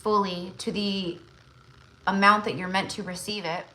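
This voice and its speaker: Bright-voiced woman hosting a tarot livestream. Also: mid-range voice, fairly even intonation, unhurried, rough recording. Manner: rambling, full of fillers and restarts. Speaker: tarot reader and livestream host. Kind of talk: casual livestream chat.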